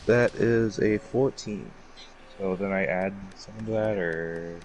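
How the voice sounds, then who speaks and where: A man's voice: deep voice, measured pace, darkish tone, slight background noise. A man playing in a tabletop game, easygoing, asking about rules and describing his attacks. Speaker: player. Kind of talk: casual tabletop game chat.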